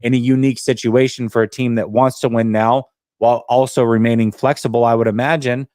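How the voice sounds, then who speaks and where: A man's voice: mid-range voice, flat delivery, brisk, darkish tone, no room sound, clean studio sound. A man on a sports talk show analyzing team finances and trades at length. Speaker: sports podcast panelist.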